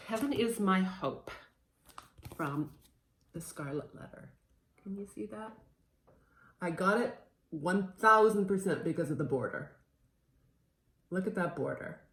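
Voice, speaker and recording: Woman in her thirties, casual vlog chat, playful and scattered, lowish voice, echoey room. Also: expressive, a little slow, long pauses, fairly bright tone. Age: 30s. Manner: scattered, playful, chatty with fillers. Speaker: cross-stitch vlogger. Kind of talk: casual chat showing a stitching haul.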